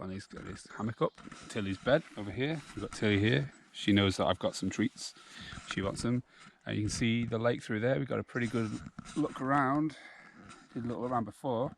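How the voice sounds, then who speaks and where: Low-ish british guy vlogging from a camp in the woods, easygoing and chatty, a bit of background hiss. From United Kingdom. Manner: relaxed, chatty, laughs easily. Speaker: channel host. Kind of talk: casual outdoor vlog. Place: woodland campsite outdoors.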